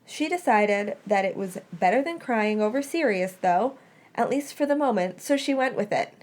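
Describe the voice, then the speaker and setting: Woman reading fanfic out loud for a podcast, plain steady delivery, trips over a word here and there. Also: medium pitch, moderate pace. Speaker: podcast reader. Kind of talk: reading fan fiction aloud.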